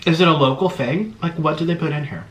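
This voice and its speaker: A man's voice: on the high side, quick pace, slight background noise. A man hosting a casual eating vlog, gushing and exclaiming over each bite. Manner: excitable, gushing, full of exclamations. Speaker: mukbang host. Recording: roomy echo.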